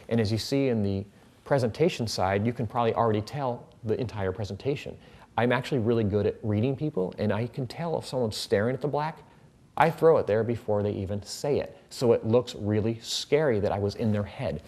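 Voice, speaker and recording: A man's voice: on the low side, darkish tone. A man teaching a card trick in a casual tutorial, chatting as he handles the cards.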